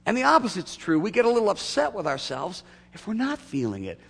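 A man preaching a sermon to his church, swinging from loud emphatic peaks to quiet asides. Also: high-pitched, huge pitch swings, a little fast, creaky, husky. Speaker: pastor. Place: church sanctuary. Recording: long hall reverb.

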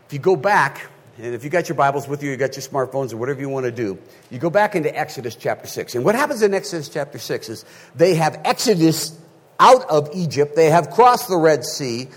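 A male pastor preaching a sermon in an animated way, often checking in with his listeners. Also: on the high side, brisk, husky.

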